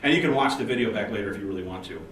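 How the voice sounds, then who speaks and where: A man giving a conference talk to a room of engineers, chatty and lively, acting out the people in his stories. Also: on the low side, very fast. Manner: lively, conversational, acts out quoted people. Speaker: conference speaker. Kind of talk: technical conference talk with storytelling. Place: meeting room at a user group event. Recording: roomy and distant with faint noise.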